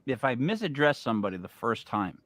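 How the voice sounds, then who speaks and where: A man's voice: medium pitch, sing-song, a little fast, fairly bright tone, slight background noise. A man hosting a casual podcast chat, talking emphatically and repeating words as he makes his point. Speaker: host.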